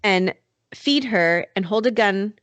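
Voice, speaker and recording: A woman's voice: mid-range voice, slow, fairly bright tone, dry recording. A woman hosting a true-crime podcast, telling the story in a casual, chatty way with lots of fillers. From North Carolina. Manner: chatty, many fillers like "like" and "you know". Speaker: podcast host.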